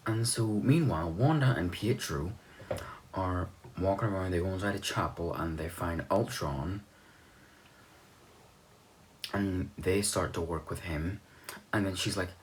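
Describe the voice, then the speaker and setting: A man's voice: low voice, normal speed, a little hiss or hum. A young man giving a rambling, offhand recap of a movie's plot, swearing now and then. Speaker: movie reviewer.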